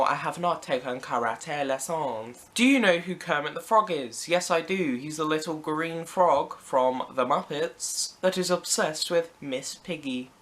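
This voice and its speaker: A British teenage boy vlogs, answering random questions to camera in a casual Q&A. His voice is a little high, bright and forceful, and he stays chatty and playful with jokey asides.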